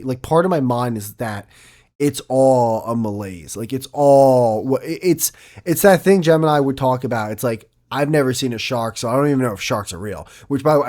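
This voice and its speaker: A man hosting a solo podcast, rambling and self-mocking, swearing often. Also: medium pitch. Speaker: podcast host.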